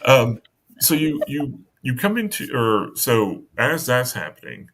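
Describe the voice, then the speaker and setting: A man narrating as game master of a tabletop game, halting and full of fillers. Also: mid-range voice, sing-song, a bit bright. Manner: halting, many fillers and restarts.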